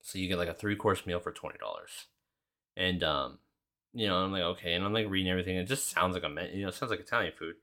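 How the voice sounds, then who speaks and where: Young male podcast host, low voice with a bright, pushy edge, casual and sweary. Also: animated, fast talker. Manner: rambling, heavy swearing, lots of fillers. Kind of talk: casual solo chat.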